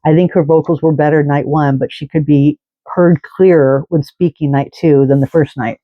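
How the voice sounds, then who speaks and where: A man's voice: on the high side, steady tone, moderate pace, dry recording, lo-fi sound. A man telling a long, rambling story in a casual, chatty way, full of fillers and restarts. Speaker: fan podcast host.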